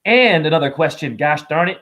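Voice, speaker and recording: A man with a high voice that leaps all over its range rants through a rambling spiritual monologue to camera. He preaches, jokes and swears casually. He keeps exclaiming as he talks. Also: brisk. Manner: animated, preachy, joking, exclaiming. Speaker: spiritual vlogger.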